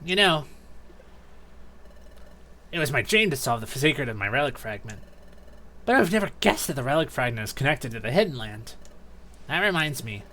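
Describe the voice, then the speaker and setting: Sincere young monkey hero, voiced by a man reading game text, lively lilt. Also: mid-range voice, moderate pace, long pauses, a little hiss or hum. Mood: earnest. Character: earnest young male monkey creature hero. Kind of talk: reading game dialogue aloud.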